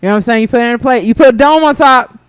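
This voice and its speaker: A woman chatting as a podcast guest, telling stories in an animated, profane way. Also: a little high, racing, clear, resonant tone, dry recording. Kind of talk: casual chat.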